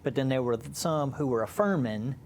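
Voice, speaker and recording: A man interviewing a guest for a church program, affirming and animated when he makes a point. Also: medium pitch, brisk, slight background noise.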